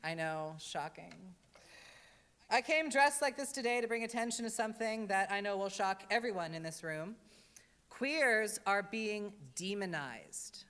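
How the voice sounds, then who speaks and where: Bright-voiced drag entertainer addressing a church. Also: female voice, mid-range voice, lively intonation, moderate pace, clean tone. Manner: wry, conversational, earnest with comic asides. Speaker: drag entertainer giving a talk in a worship service. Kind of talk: comic then earnest address. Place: church sanctuary. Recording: reverberant church hall.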